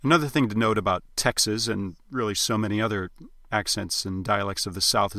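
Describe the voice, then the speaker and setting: A man coaching dialects in a measured, explanatory tone, now and then demonstrating the sounds he describes. His voice is bright and forward, recorded dry and close with no room around it. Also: fairly low pitch, no room sound. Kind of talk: instructional narration.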